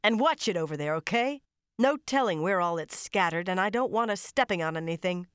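A woman's voice: mid-range voice, very animated, no echo, clean studio sound, voice pushed up. A woman reading as a barking woman fire investigator. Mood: commanding. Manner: brisk, barking orders. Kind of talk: audiobook narration.

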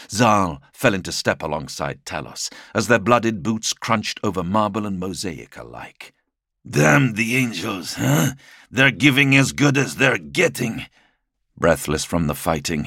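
A man narrating an audiobook in a dramatic, measured storytelling manner. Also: deep voice, a bit bright, no room sound, clean studio sound. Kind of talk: scripted narration.

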